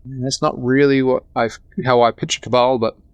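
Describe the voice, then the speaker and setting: A man's voice: mid-range voice, little pitch movement, a little fast, smooth, no echo, lo-fi sound. A man in his thirties with an Australian accent, an actor talking in a casual, rambling podcast interview. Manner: chatty, rambling with many restarts. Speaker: actor guest.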